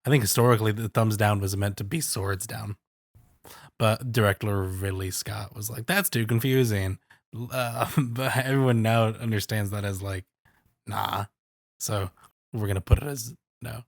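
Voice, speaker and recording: A man's voice: lowish voice, steady tone, moderate pace, dry recording, studio quality. A man co-hosting a movie podcast, chatting in a jokey, offhand way. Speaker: podcast co-host. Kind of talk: casual film discussion.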